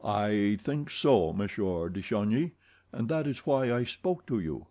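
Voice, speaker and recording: Audiobook role: a man voicing a mysterious grave older man, measured and deliberate, mellow warm tone. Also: fairly low pitch, animated. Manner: slow, grave, sighing.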